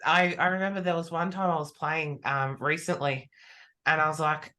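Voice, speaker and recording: A man speaking as a podcast guest in relaxed conversation. His voice has a bright, forward tone. He tells stories animatedly, acting out his own remarks as he goes. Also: a little high, moderate pace. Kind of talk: casual conversation.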